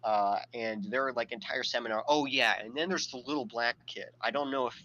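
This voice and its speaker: A man's voice: medium pitch, a little fast, pushed and bright, lo-fi sound. A man hosting a podcast, telling a story in a rambling, profane way, full of fillers and his own laughter. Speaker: podcast host. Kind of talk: casual podcast chat.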